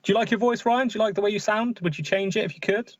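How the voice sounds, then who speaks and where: A man's voice: high-pitched, very fast, no room sound, lo-fi sound. A man with a Bristolian accent co-hosting a podcast in laid-back, self-deprecating casual chat. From Bristol, England. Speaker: podcast co-host.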